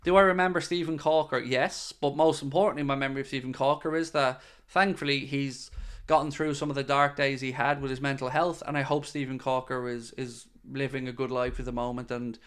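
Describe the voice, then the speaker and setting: A man's voice: mid-range voice, flat delivery, a little fast, fairly bright tone, smooth. A man hosting a casual live stream, chatting and answering viewer comments. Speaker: podcast host reading live chat.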